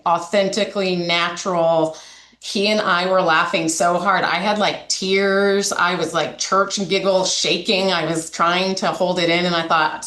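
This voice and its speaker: Woman, coalition director, candid interview storyteller; lower voice, roomy echo. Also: fairly bright tone. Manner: storytelling, frequent fillers and restarts. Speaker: domestic violence coalition director.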